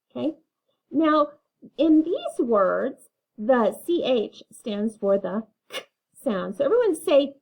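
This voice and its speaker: A woman's voice: high voice, sing-song, measured pace, a little mellow. A woman teaching a phonics lesson, reading words and having learners repeat them patiently. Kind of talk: phonics lesson, slow and clear.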